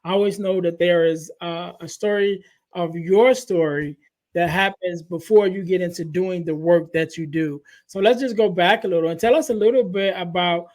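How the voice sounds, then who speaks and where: A man's voice: sits high, fairly even intonation, moderate pace, darkish tone, low-quality recording. A man hosting a podcast, chatty and casual, addressing listeners as "you guys" while plugging products before interviewing his guest. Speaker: podcast host.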